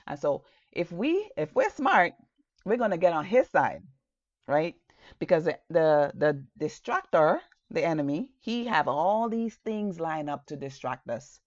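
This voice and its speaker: Low-voiced woman preaching encouragement. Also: sing-song, measured pace, darkish tone, no echo, muffled recording. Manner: encouraging, earnest, loose with fillers. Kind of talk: conversational sermon.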